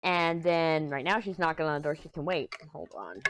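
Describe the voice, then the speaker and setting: A woman's voice: deep voice, very animated, moderate pace, very noisy. A woman vlogger chatting casually from a small room at home, rambling and sounding agitated as she vents. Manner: rambling and agitated, venting frustration. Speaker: crafting vlogger.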